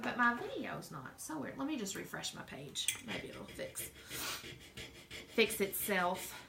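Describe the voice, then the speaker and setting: Chatty Southern woman, bright voice. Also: mid-range voice, vocal fry, a little hiss or hum. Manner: chatty, rambling, talks straight to viewers. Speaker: craft show host. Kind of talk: casual live-stream craft demo.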